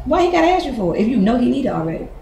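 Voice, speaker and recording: A woman's voice: a little high, sing-song, rapid-fire, dark tone, slight background noise. A woman giving her niece blunt relationship advice in casual talk. She swears freely and acts out both sides of conversations. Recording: echoey room with faint ambience.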